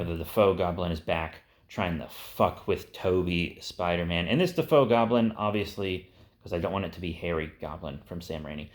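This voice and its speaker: A young man with a fairly low voice talks casually, wandering through his ideas. He curses freely and leans on fillers like "uh" and "like" as he goes. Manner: rambling, profane, with frequent fillers. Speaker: host. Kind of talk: casual pitching of movie ideas.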